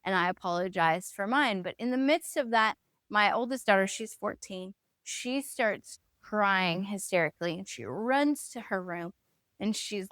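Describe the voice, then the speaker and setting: A woman's voice: medium pitch, animated, measured pace, fairly bright tone, no echo, clean studio sound. A woman in her thirties hosting a faith podcast, telling a personal story candidly and acting out the voices she quotes. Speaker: podcast host.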